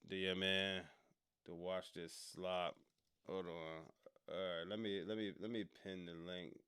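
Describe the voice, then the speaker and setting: Male streamer, casual reaction chat, unhurried drawl, smooth crisp tone, slangy and prone to loud incredulous rants. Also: fairly low pitch. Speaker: streamer reacting to a wrestling show.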